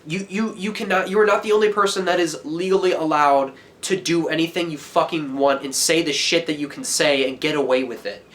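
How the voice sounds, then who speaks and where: A teenage boy in a heated, profane rant, yelling at the camera as a vlogger. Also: fairly high pitch, a little fast, few pauses. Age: teens.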